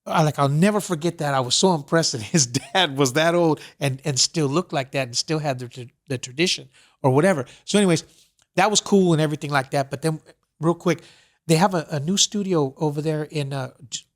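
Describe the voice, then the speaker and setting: A male podcast host with a fairly high voice rambles through a long story in relaxed, casual conversation. He leans on "you know" and "whatever" as he goes and keeps circling back to his point. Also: brisk. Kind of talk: casual chat.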